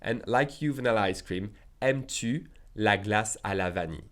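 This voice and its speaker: A French teacher with a voice on the low side and a bit bright speaks at a moderate pace. In a casual video lesson, he repeats example sentences and checks in with "okay?" and "d'accord?" as he goes.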